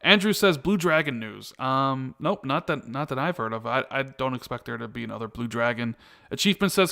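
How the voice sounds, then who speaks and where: A man's voice: mid-range voice, expressive, a little fast, gravelly, sharp tone. A man hosting a casual podcast, easygoing as he reads out and answers viewer comments from the live chat.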